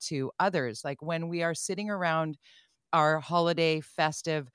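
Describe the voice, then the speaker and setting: A woman radio host with a lowish voice talks candidly into a studio mic, laughing at herself as she goes. The sound is close and dry, with no room around it. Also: steady tone, moderate pace, smooth, no echo. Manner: candid, self-deprecating, laughs often. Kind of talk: radio interview.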